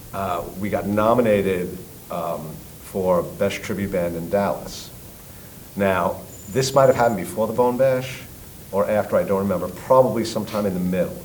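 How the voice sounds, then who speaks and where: A middle-aged man with a New York accent tells his story in an animated way, jumping into loud voices for the people he quotes and swearing freely. His voice sits fairly low. A faint rumbling noise runs under the recording. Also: poor audio. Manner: lively, acts out quotes loudly, swears. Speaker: guest, tribute band singer.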